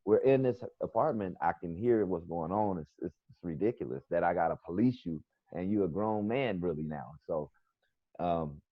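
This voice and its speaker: Deep-voiced New York man, rambling. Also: lively intonation, normal speed, dry recording. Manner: rambling, storytelling with quoted back-and-forth. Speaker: comedian and barber guest. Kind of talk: casual video-call chat. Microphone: video call. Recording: dull lo-fi video call audio.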